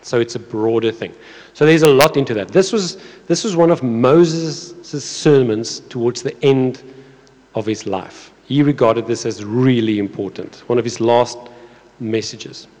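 A man's voice: mid-range voice, a little slow, a little mellow. A man in his thirties or forties preaching a conversational sermon as pastor, often repeating words and putting questions to the congregation. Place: church auditorium. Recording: long hall reverb in a church.

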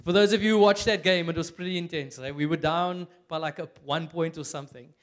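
A young South African man preaching a casual, humorous sermon in church, chatty and animated, with lots of "like" and bursts of laughter. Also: fairly high pitch, a little fast.

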